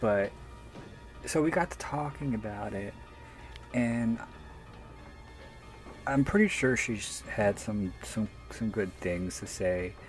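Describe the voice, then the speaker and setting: A man with a fairly low voice tells a candid, self-deprecating story and swears casually as he goes. He speaks slowly and unhurriedly, like an author talking about his own book. Soft music plays faintly behind him.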